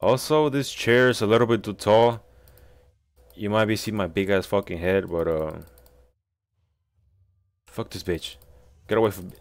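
A man's voice: on the low side, steady tone, measured pace, long pauses. A man giving casual gaming commentary, swearing often and complaining in frustration. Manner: profane, frustrated trash talk. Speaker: gameplay streamer.

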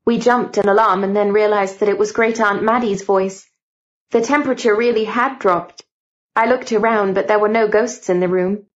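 A woman narrating an audiobook in a steady, even reading. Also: mid-range voice, moderate pace. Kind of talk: scripted narration. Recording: dull lo-fi recording.

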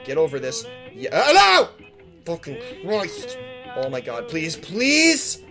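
A man playing a video game and commenting, panicky and swearing, pleading with the game and yelling when he fails. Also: a little high, wildly swooping pitch, slow, soft background music. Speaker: gamer. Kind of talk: let's play commentary.

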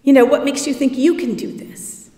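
A woman's voice: high voice, steady tone, moderate pace, dark tone, voice pushed up, close to an everyday voice. A woman pastor voicing a mocking inner critic during a sermon, with a scolding manner. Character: nagging inner critic, doubting self-talk. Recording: echoey church hall, from far off.

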